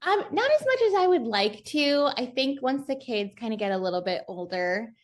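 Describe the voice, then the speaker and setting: A woman's voice: a little high, sing-song, moderate pace. Woman, thirties, podcast guest, casual chat, laughs often. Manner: laughs often, soft and chatty.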